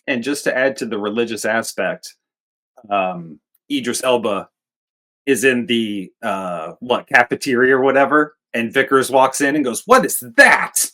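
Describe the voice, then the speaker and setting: A man's voice: medium pitch, normal speed, fairly bright tone. A man co-hosting a casual movie review podcast, crude and mocking as he retells scenes. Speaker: podcast co-host.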